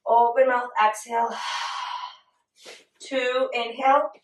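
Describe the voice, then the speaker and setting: A woman leading a yoga class at home, giving gentle, encouraging cues. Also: a little high, little pitch movement, very slow, slight background noise. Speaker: yoga instructor. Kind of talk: guided yoga class with a toddler. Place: home room. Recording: echoey room, mic at a distance.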